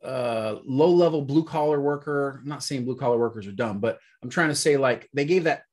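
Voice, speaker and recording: A man's voice: mid-range voice, a little fast, darkish tone. A man co-hosting a casual movie review chat, rambling and searching for words with lots of fillers. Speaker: podcast co-host.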